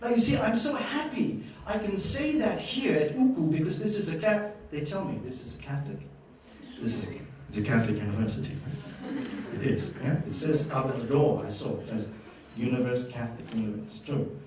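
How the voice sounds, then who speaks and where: Animated man lecturing in an echoey hall. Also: a little high, normal speed, a little hiss or hum. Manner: animated, playful, questions the audience. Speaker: guest lecturer at a journalism school. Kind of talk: lively master-class lecture. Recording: echoey hall, distant mic, faint ambience.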